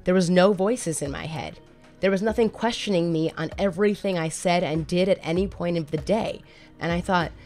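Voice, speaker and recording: A woman in her thirties tells her own story in a candid, chatty vlog and circles back to repeat her points. Her voice sits a little low. Soft music runs faintly underneath. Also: normal speed. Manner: candid, conversational, repeats phrases. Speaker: mental health advocate and vlogger.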